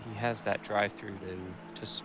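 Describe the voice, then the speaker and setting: A man co-commentating a live sim race, measured and halting, with frequent restarts. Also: on the low side, flat delivery, dull audio, over music. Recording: noisy stream audio.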